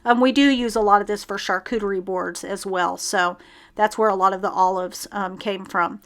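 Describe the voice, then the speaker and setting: A woman with a medium-pitched, fairly bright voice chats casually through a home decluttering video, keeping a steady tone and moderate pace. It's a relaxed how-to voice-over, full of ums and little laughs at herself.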